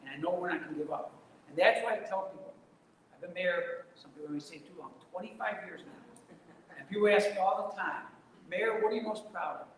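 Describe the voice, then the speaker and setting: A mayor giving a folksy, emphatic speech at a community event. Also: male voice, high-pitched, a little fast. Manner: folksy, emphatic, repetitive rallying. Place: large indoor event hall. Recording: very echoey hall, some noise.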